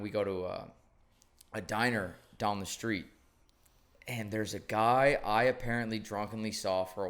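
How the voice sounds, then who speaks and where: A young man with a slightly low voice chats on his podcast. He tells stories in a loose, rambling way, full of casual swearing. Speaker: podcast host. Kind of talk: casual chat.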